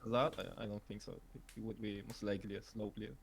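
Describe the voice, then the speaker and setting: A man's voice: fairly low pitch, flat delivery, fast, creaky, breathy edge. A man on a trading panel giving hedged, analytical opinions in casual talk, with frequent restarts. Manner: hedging, analytical, stumbles on restarts. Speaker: trader on a discussion panel. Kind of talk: casual group discussion.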